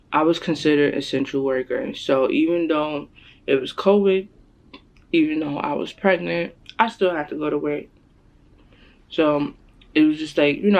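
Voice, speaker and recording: Young woman vlogger, casual storytelling, animated quoting, camera mic. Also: lo-fi sound. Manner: animated, acts out quotes in a higher voice.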